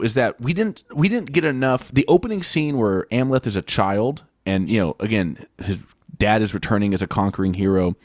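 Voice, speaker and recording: A man hosting a casual podcast about films, talking in an animated way and swearing as he retells a plot. His voice sits at an ordinary middle pitch. The recording is dry, with no room sound. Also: dry recording. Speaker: podcast host. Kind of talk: casual film review chat.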